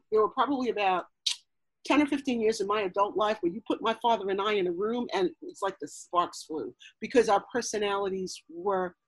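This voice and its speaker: A woman's voice: fairly high pitch, no echo, poor audio. A woman in her forties, talking earnestly about family in a conversation, with frequent fillers and restarts. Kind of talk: personal storytelling in conversation.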